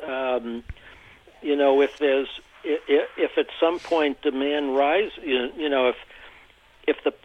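Man talking on a tinny phone line. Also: mid-range voice. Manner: halting, repeats words while thinking. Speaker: interview guest, energy commentator. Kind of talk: phone-in radio interview.

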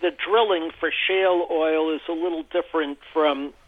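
A man with a slightly high voice, heard over a tinny, phone-like line in a dry, close sound. He explains at length and keeps restarting and repeating words as he thinks. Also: steady tone, normal speed, no echo. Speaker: interview guest, energy commentator. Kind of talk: phone-in radio interview.

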